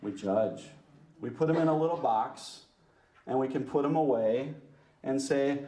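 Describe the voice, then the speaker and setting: Man, parish talk, lively, self-mocking jokes, middle pitch, roomy hall echo. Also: measured pace, distant mic. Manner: lively, joking, self-mocking, asks the audience. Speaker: parish speaker. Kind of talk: talk to a women's church group. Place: church meeting room.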